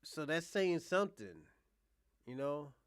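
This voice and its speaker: Excitable man in lively casual banter. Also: fairly high pitch, unhurried, clear, resonant tone, dry recording, studio quality. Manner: loud playful teasing. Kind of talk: casual chat.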